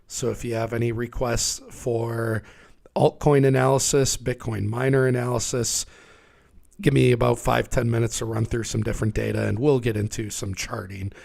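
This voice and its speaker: A man with a raspy, hoarse voice from being sick, hosting a casual livestream and talking through market charts. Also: mid-range voice, flat delivery, moderate pace, darkish tone. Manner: conversational, talks through charts. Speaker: livestream host.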